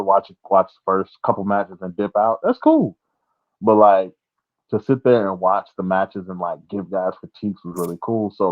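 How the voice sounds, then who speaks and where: A man in a casual podcast chat, telling a story with lots of energy and acting out the voices of the people in it, often laughing. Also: dry recording. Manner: animated storyteller, acts out quotes in a high voice, laughs often. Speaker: wrestler guest. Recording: dry, phone-like audio.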